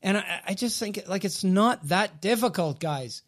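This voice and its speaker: Opinionated man, slightly high voice. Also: animated, normal speed. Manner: opinionated, repeats words as he starts sentences. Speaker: podcast co-host. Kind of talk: casual hockey podcast chat.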